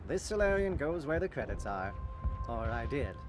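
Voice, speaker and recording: A man's voice: mid-range voice, very animated, over music, close to an everyday voice. A man voicing a polite, formal male alien merchant in a video game. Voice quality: measured, formal delivery.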